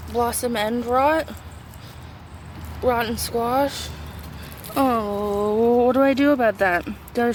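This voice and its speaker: Chatty woman touring her vegetable garden. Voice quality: squeaky at times. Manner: chatty, excitable, talks to her plants. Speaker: gardening vlogger. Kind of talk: casual garden tour. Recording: faint outdoor background noise.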